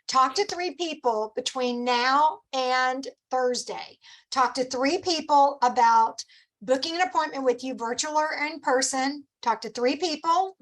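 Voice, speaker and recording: A middle-aged woman leads a team meeting with a bright, high-pitched voice. She coaches in an upbeat, encouraging way and slips into quick acted-out customer lines. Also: low-quality recording. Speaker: sales director leading a team meeting. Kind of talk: motivational team meeting talk.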